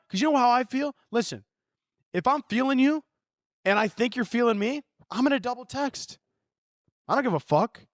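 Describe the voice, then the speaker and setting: A high-pitched man rants through a comedic advice segment with a close, dry mic sound. He swears constantly, swings from low muttering to full shouts, and acts out both sides of made-up conversations in mocking voices. His delivery is loud, overdramatic and full of opinions. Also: no room sound. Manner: profane, ranting, overdramatic, swings from mumbled asides to shouting. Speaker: podcast host giving advice.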